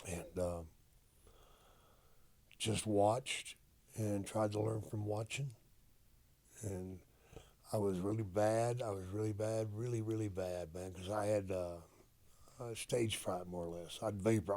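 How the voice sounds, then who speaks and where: An older man, a retired wrestler, telling stories in a casual interview, profane and animated as he acts out old conversations. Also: lowish voice, unhurried, long pauses. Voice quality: gravelly, husky. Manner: profane, animated storyteller acting out quoted dialogue.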